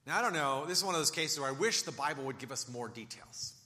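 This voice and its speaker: Bright-voiced male preacher in a reverberant hall. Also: fast talker. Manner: animated storytelling, acting out quoted lines in soft low voices. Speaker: pastor. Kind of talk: sermon.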